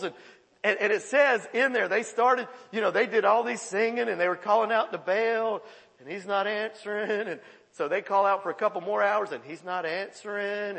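A pastor preaches in a folksy, animated way. He retells an old story with quick asides and laughs. His voice sits high with a gravelly fry, and it carries a long reverb through the church. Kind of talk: sermon.

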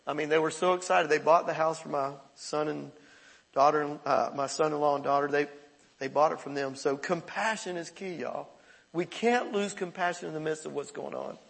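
Pastor, middle-aged man, higher gravelly voice, emphatic conversational sermon, reverberant hall. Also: fairly even intonation, moderate pace. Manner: conversational, emphatic preaching with repetitions.

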